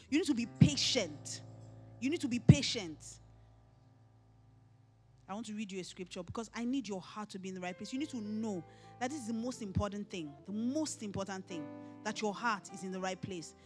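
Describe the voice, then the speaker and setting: A middle-aged woman pastor with a Nigerian accent, preaching emphatically at a conference and often raising her voice to a shout. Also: mid-range voice. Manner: emphatic, animated preaching with rising shouts and mimicry. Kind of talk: conference sermon. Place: conference hall.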